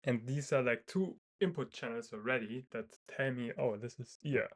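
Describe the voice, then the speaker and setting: A man's voice: medium pitch, normal speed. A man thinking aloud in a casual monologue, hesitant and full of fillers and restarts. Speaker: video creator.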